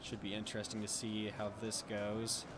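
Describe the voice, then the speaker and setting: Man casting a strategy battle, somewhat low voice. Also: normal speed, background noise. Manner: relaxed and rambling, with frequent filler and self-corrections. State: slightly under the weather, occasional coughing. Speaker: game commentator. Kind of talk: casual gameplay commentary.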